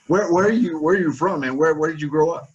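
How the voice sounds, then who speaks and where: A man's voice: fairly high pitch, fast talker, slightly rough, lo-fi sound. A man hosting a casual webinar interview over a video call, upbeat and slangy, calling his guest "man" again and again. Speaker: webinar host.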